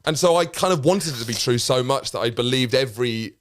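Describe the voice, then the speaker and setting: A man's voice: mid-range voice, lively intonation, brisk, no room sound, studio quality. A man, a comedian guest telling a rambling story in casual chat, with many restarts and casual swearing.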